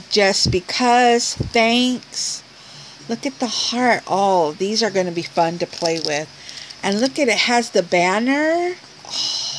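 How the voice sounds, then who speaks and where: A woman slowly unwraps gifts and chats to the camera, gushing over every item. Her voice is on the high side and swoops a lot, with a faint hiss behind her. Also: rough recording. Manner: talks to the camera and the sender. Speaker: craft vlogger opening mail. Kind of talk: casual unboxing chat.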